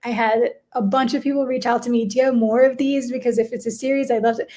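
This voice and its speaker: A woman's voice: on the high side, steady tone, fast, warm tone. A woman in her thirties, a podcast guest talking casually about her art career, chatty and laughing often. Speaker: podcast guest, gallery curator. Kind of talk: casual chat.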